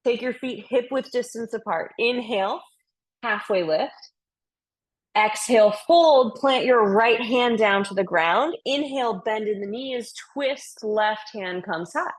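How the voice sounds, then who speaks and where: A woman's voice: on the high side, unhurried. A young woman leading a yoga class, calling out breaths and poses in an upbeat, playful way, slightly out of breath. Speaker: yoga instructor. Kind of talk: guided yoga class instruction.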